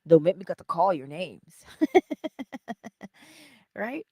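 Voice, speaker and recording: Middle-aged woman, warm breathy tone, casual spiritual chat, soft whispered asides, frequent laughs. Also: fairly low pitch, sing-song, slow, no room sound. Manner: chatty storytelling, drifts into soft whispers, laughs often. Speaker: host of a morning livestream.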